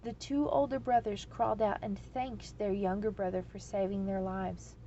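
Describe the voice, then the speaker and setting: A woman reading a storybook aloud in a slow, measured way. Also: mid-range voice, fairly even intonation, warm tone, highs cut off, slight background noise.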